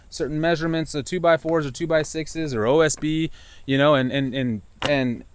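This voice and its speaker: A man's voice: clean tone, dry recording. Rambling man chatting to camera. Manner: rambling, animated, jumps pitch when quoting himself. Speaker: owner builder vlogger. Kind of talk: casual talk to camera. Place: outdoors on a building site.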